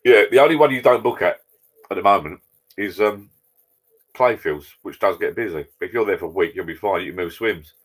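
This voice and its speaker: A man's voice: lowish voice, brisk. A man hosting a casual live stream from his garden bar, chatting with viewers, reading their messages and trading cheeky jokes.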